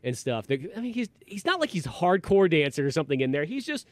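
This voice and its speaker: A man's voice: on the high side, big pitch swings, fast, dry recording. A man hosting a podcast, telling a long casual story with plenty of fillers and restarts. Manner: rambling, heavy on fillers and restarts. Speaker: podcast host.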